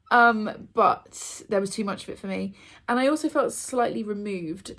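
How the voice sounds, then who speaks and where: A woman's voice: medium pitch, gravelly. A young woman chatting casually through her monthly reading wrap-up, with frequent ums and likes. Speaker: book vlogger.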